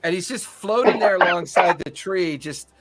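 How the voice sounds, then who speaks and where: A man's voice: sits high, moderate pace, very noisy. A man narrating a tabletop game as game master, loose and laughing often.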